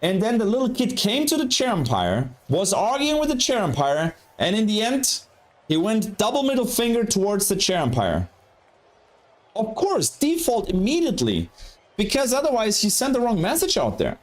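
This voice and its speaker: Male tennis streamer, high voice, excitable and chatty. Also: normal speed. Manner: excitable, animated, talks straight to chat. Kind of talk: casual live-stream commentary.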